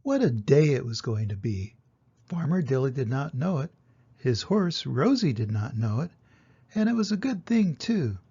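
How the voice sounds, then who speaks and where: An older man reading a children's storybook aloud, gentle and expressive, in a dull lo-fi recording. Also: mid-range voice, normal speed, slightly rough. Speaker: storybook reader.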